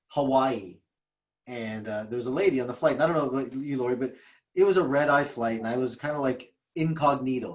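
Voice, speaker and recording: A man telling stories in a casual interview, emphatic and often repeating himself. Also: medium pitch. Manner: emphatic, repetitive, restarts often. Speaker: guest speaker, trauma coach.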